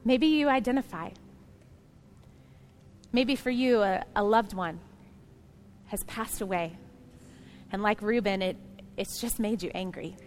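A woman pastor preaching a sermon to her congregation, speaking earnestly and directly to the listeners, building into loud, emphatic passages. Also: medium pitch, a little slow, pauses often, a little hiss or hum.

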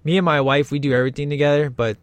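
A man's voice: on the high side, fairly even intonation, racing, no echo. A man giving casual, jokey, enthusiastic commentary while watching a movie.

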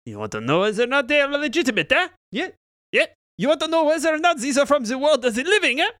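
A man voicing a small, greedy, rude male fungus creature running a bar, with gruff hustling talk. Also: very high voice, big pitch swings, unhurried, no echo, studio quality, pitched above the performer's own voice, heavily acted. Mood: mocking. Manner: gruff hustling street-vendor talk, shouting.

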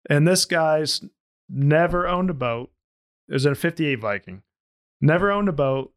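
A man and boat captain telling a casual story, lively, often acting out the dialogue. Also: on the high side, moderate pace. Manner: animated, jumps into quoted dialogue.

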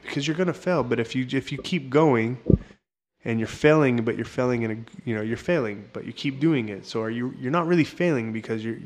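A man speaking in a casual, rambling way as an interview guest. He repeats himself and restarts sentences as he works through an idea. His voice sits at an ordinary middle pitch. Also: brisk. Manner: rambling, repetitive, restarts often. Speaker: interview guest, jiu-jitsu coach.

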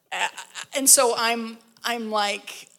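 A woman tells a candid story about herself in casual, self-deprecating talk. Her voice has a gravelly, creaky edge. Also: on the high side, steady tone, drawn-out words, fairly bright tone, long reverb tail.

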